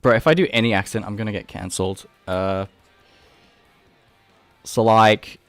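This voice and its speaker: Laid-back Australian man, low voice. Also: fast talker, no room sound, soft background music. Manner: rambling, relaxed, many fillers and restarts. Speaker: animator streaming live. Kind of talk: casual livestream chat.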